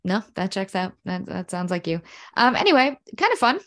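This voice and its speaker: A woman's voice: mid-range voice, very animated, fairly quick. A woman co-hosting a podcast, teasing her co-host and laughing while chatting about movies. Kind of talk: casual movie chat.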